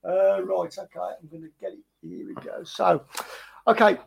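A man running a quiz on a podcast, reading out clues in a halting way with many fillers. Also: high voice, sing-song, creaky, crowd noise.

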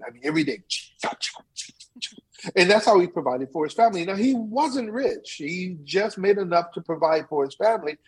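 A man who is a storyteller and teaching artist, talking in an interview and performing a tale in an animated, playful way. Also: a little high, husky, rough recording. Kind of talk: interview chat and live storytelling.

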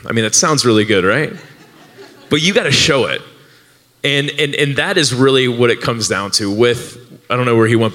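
A man's voice: medium pitch, fairly bright tone, big-room sound. A male podcast co-host telling a story at a live show, rambling with fillers and restarts and laughing often. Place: live event venue with an audience.

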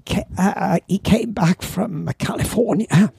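Older welsh guy, raspy and gravelly, rambling through surf stories, dry close sound. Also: sits high, slow, dry recording. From Wales. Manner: rambling anecdotes with lively asides. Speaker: surf shop owner and former surfing champion. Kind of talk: casual storytelling in an interview.

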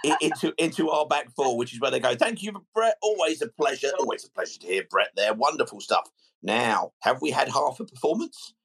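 Lively husky man hosting football chat. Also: mid-range voice, fairly quick, poor audio. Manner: stammering restarts, jokey. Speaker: podcast host.

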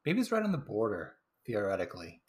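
A man co-hosting a podcast, chatting casually about a movie, quick with quips and laughs. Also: on the low side, huge pitch swings, a little mellow, slightly rough. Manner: jokey, laughs often, chimes in with quips. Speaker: podcast co-host.

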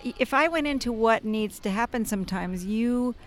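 A woman co-hosting a podcast outdoors in a garden, playfully scolding and quick to laugh. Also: on the high side, faint music behind. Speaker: podcast co-host. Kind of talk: casual outdoor chat.

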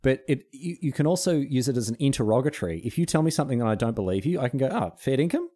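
An Australian man chats on his podcast in a mellow, dark-toned voice. His pitch swings widely as he jokes and patiently unpacks slang for his co-host. It is easygoing, conversational talk. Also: lively intonation, rapid-fire. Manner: explains carefully, playful, breaks into laughter. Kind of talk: casual chat.

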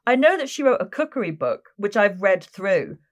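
A woman's voice: mid-range voice, very animated, moderate pace. A woman host in casual chat, reacting bluntly and swearing freely.

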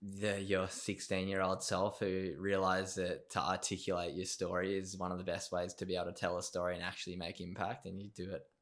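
A man's voice: sits low, monotone, a little fast, hardly any pauses, a bit bright. A man hosting a podcast interview, speaking in a casual, hesitant way as he searches for his next question. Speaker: podcast host.

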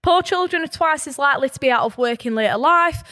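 High-voiced northern English woman. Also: fast. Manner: animated, passionate storyteller. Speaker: podcast co-host, teacher. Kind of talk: casual podcast chat.

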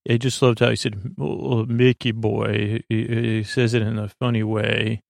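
A man's voice: on the low side, level tone, moderate pace, creaky, no room sound, clean studio sound. A man hosting a sleep podcast, retelling an episode in a meandering way, full of "uh" and "he goes". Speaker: podcast host. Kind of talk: rambling episode recap for sleep.

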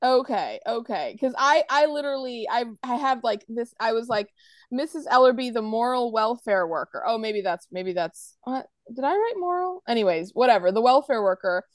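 A woman's voice: a little high, lively intonation, normal speed, hardly any pauses, no echo. An American woman co-hosting a podcast in casual chat, rambling through her points and acting out quotes from scenes. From United States. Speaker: podcast co-host.

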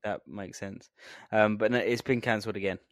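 A man's voice: lowish voice, fairly even intonation, fairly quick, no room sound. Swearing man, dry close mic. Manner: laughs often, swears casually. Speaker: podcast co-host. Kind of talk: casual chat.

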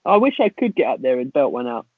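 A man's voice: medium pitch, big pitch swings, quick pace, no echo. A man, a guest on a podcast, chatting in an earnest, self-deprecating way over a remote line. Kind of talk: casual chat over a remote call. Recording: tinny phone-like line, dry.

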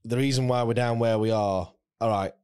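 A man's voice: medium pitch, fairly even intonation, a little fast, darkish tone, clear, resonant tone. Rambling man. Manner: rambling, lots of fillers and tag questions. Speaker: podcast co-host. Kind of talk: casual football chat.

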